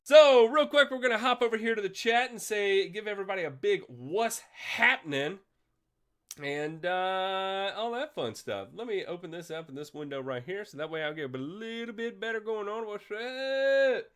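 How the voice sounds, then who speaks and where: Smooth and high-pitched at a moderate pace, a man gives lively viewer shout-outs on his casual livestream. A sinus infection has him congested, and he coughs.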